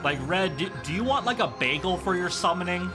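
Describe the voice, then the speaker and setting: A man's voice: high voice, expressive, brisk, music in the background. A man streaming a game, chatting casually with his viewers in a rambling, joking way full of fillers. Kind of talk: casual chat with live chat while playing a game.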